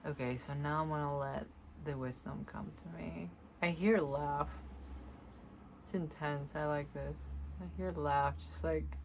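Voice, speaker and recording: A woman with a low voice talks very slowly in a soft, searching way, pausing to hunt for the right words. Her solo vlog drifts between reflection and light laughter. A faint room hiss sits under her voice. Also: steady tone. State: tearful at times. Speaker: spiritual vlogger. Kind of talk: slow reflective monologue, energy reading.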